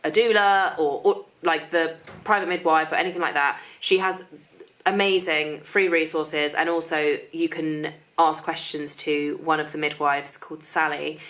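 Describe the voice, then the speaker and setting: A young woman vlogging, telling a personal story to camera in a chatty, quick way, with many fillers. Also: steady tone, fairly bright tone. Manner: shifts into a high sing-song voice talking to her child.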